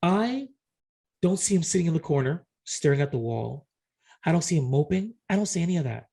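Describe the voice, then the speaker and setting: Gravelly, husky middle-aged man. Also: on the high side, brisk. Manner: animated, re-enacts conversations, frequent restarts. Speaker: podcast co-host. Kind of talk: casual storytelling chat.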